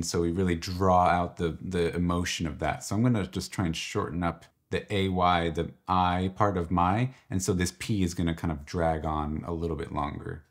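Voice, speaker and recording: A man presenting a software tutorial, explaining each step in a relaxed, exploratory way as he clicks through. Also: deep voice. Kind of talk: software walkthrough.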